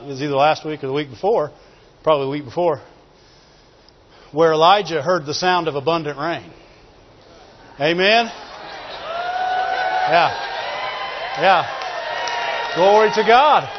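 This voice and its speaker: A man preaching a sermon, calling for amens and often breaking into shouts. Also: very high-pitched. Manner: call-and-response, often shouting. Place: church. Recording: reverberant church hall, dull lo-fi sound.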